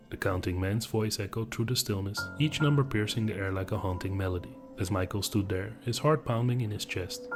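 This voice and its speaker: A man narrating horror stories in an even, measured storytelling voice. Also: lowish voice. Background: background music.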